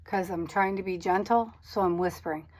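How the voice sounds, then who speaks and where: A woman's voice: lowish voice, normal speed, a little mellow. A woman vlogging as she crafts, chatting casually in a rambling way and questioning herself aloud. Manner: drops to a whisper at times. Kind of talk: casual chat while crafting.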